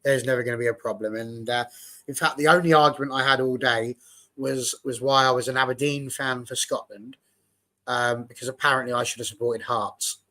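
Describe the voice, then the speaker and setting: A man's voice: medium pitch, fairly even intonation, a little fast, pushed and bright. A man from England hosting a casual football chat show and telling a long story. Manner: storytelling, chatty. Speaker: show host.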